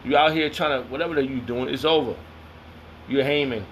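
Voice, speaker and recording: Reading out scripture, a self-proclaimed preacher fires back heated, slangy, confrontational commentary. His medium-pitched voice moves briskly, and some hiss or hum can be heard.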